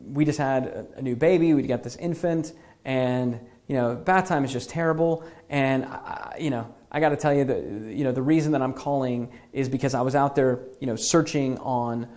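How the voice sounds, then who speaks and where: A man's voice: mid-range voice, a little fast, a little mellow, close to an everyday voice. A man voicing a frustrated, underappreciated new mother who rambles hesitantly to an old friend on the phone, full of fillers. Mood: weary, frustrated.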